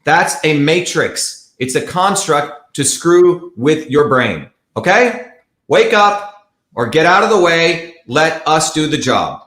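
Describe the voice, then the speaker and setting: A combative man hosts a heated livestream, hammering his points home bluntly and repeating them. His voice sits a touch high for a man. The sound bounces around an echoey room. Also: animated, slow, fairly bright tone. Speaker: livestream host. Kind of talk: heated live commentary.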